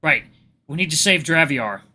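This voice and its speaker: A man's voice: a little high, animated, normal speed, slight background noise. A man voicing a desperate tearful hero. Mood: urgent. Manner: urgent, shouting pleas. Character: anxious young male hero, desperate and tearful.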